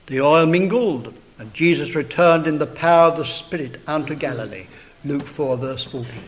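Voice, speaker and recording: A man preaching a sermon in a slow, dramatic way, swelling to loud emphatic peaks and sinking to hushed tones. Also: fairly high pitch, rough recording. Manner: addresses listeners as brethren, beloved brother.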